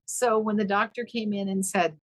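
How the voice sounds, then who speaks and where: A middle-aged woman, appearing as a guest on a podcast, recounts a personal story at a moderate pace, animatedly acting out the dialogue with sudden leaps in pitch. It's emotional storytelling within a conversation. The recording is low quality but has no echo.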